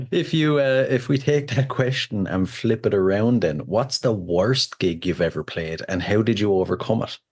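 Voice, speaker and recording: A man's voice: on the low side, unhurried, a little mellow, breathy edge. A man hosting a podcast, asking easygoing interview questions. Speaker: podcast host.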